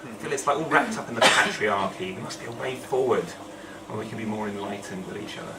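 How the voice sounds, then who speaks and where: A man's voice: fairly low pitch, fast. A man telling a true story on stage at a storytelling night, rambling and self-deprecating with humour. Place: event hall. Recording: echoey hall, distant mic, noisy.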